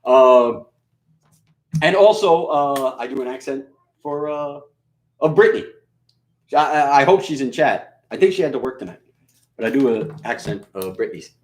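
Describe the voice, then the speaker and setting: A man's voice: mid-range voice, lively intonation, normal speed, long pauses. A man from New York with a mixed New York accent, a radio DJ chatting casually, rambling, profane and joking with lots of fillers. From New York, USA. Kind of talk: casual live-stream chat. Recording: echoey room.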